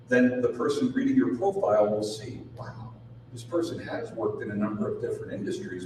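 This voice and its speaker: A man giving a live sales training seminar to an audience, punchy and full of rhetorical questions. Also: medium pitch. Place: large room with audience. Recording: very echoey room, distant mic, background noise.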